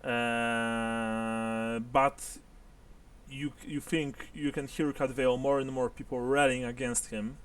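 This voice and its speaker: A man narrating as game master of a tabletop game, halting and full of fillers. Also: mid-range voice, flat delivery, fairly bright tone, clean tone, far from the mic.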